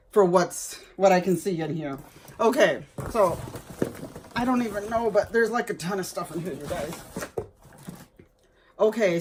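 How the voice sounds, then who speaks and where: A woman's voice: medium pitch, husky. A woman vlogger chatting casually to viewers as she unboxes gifts, exclaiming over each item.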